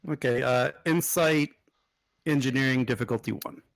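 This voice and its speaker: A man acting as game master in an online tabletop game, hesitant and full of "like", making quick rule calls. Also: medium pitch, no room sound, poor audio.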